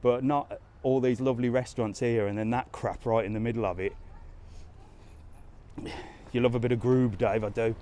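A man's voice: mid-range voice, fairly even intonation, moderate pace, pauses often, warm tone, slight background noise. A man live-streaming a walking tour of a resort town, chatting casually and answering comments as he goes. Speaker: travel vlogger on a live walk. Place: outdoors in a resort town streets and squares.

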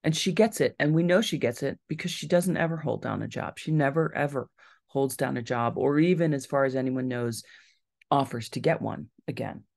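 Woman author at a library talk, gravelly voice, tells the story and acts out the quotes. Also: a bass voice, normal speed, darkish tone. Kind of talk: storytelling lecture.

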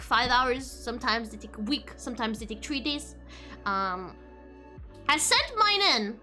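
High, lively, bright-voiced woman streamer. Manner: rambling, giggly, self-interrupting. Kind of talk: casual stream chat. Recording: faint background music.

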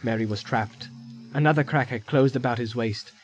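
A man giving dramatic fantasy audiobook narration in a measured, vivid storytelling manner. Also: medium pitch, rough recording. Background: music score.

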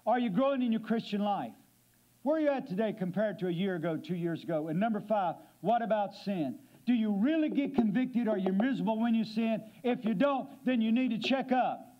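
A man with a high voice preaches a sermon in a church, emphatic and full of questions to the congregation. The recording is dull and lo-fi, as in a church recording. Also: expressive, fairly quick. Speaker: guest preacher. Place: church sanctuary.

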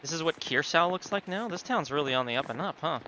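Animated, joking male game streamer. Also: on the high side, fast talker, slight background noise. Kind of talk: casual game commentary.

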